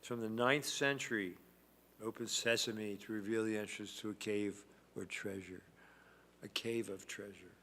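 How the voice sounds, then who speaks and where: A man's voice: on the low side, fairly even intonation, moderate pace, sharp tone. Guy hosting a trivia stream, reads questions, cracks dry little jokes. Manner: wry, reads questions and adds asides. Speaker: trivia host.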